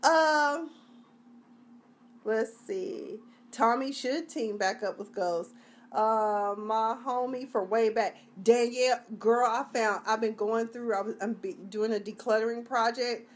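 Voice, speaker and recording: A woman's voice: a little high, slow pace. Chatty rambling woman hosting a live review. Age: adult (junior high long ago). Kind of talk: casual live-stream chat.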